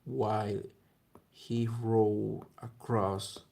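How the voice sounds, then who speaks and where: A man reading a classic story aloud slowly and haltingly, stumbling over words. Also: on the low side, flat delivery, vocal fry, warm tone. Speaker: reader.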